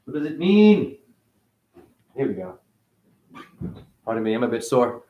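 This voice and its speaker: Man, livestream rant, spiritual, profane, middle pitch, sudden loud high bursts, low mutters, home webcam mic. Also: very animated, a little slow, highs cut off, slight background noise.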